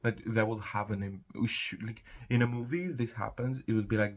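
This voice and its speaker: A man's voice: fairly low pitch, normal speed, creaky, over loud music. A young man talking casually to camera in a rambling solo monologue, jumping into quoted voices and laughing often. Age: young adult. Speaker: vlogger.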